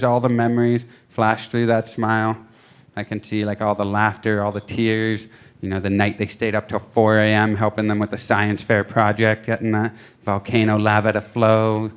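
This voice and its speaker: A man in his thirties performing stand-up comedy in a casual, self-deprecating way, acting out voices as he tells stories. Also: medium pitch. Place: comedy club stage.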